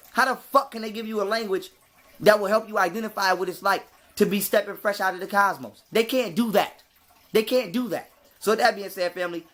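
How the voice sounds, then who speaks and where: Bright-voiced man preaching with profane emphasis. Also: high voice. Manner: emphatic, profane, repetitive "so with that being said". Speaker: spiritual video host. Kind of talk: preachy monologue to camera.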